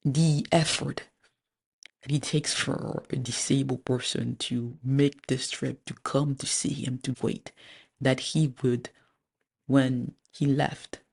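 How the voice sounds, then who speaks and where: Woman lawyer, measured slow testimony, some vocal fry, pauses often. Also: rumbling low, darkish tone. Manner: measured, deliberate, with frequent pauses and fillers. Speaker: lawyer recounting a personal legal dispute. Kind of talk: personal testimony, spoken slowly with pauses.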